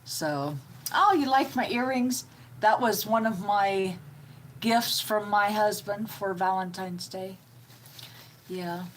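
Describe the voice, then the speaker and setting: Woman, middle-aged, slow unhurried pace, homey chatty manner, live-stream host, faint background noise. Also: mid-range voice. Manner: slow, homey and chatty, reading out viewer comments. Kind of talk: casual live-stream chat.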